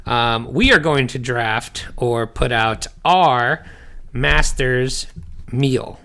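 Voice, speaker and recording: A man's voice: medium pitch, drawn-out words, creaky, bright, forceful tone, slight background noise. A man co-hosting a podcast, chatting casually with crude, joking banter. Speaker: podcast co-host. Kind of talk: casual chat.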